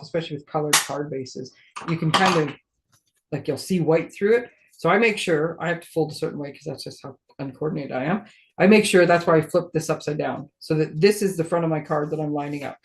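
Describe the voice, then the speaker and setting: A woman's voice: low-pitched, slight background noise. A friendly woman runs a casual live crafting demonstration and talks her viewers through each step. She thinks aloud while her hands stay busy. She makes light of her own clumsiness in an easygoing way. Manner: chatty, thinks aloud while working, self-deprecating.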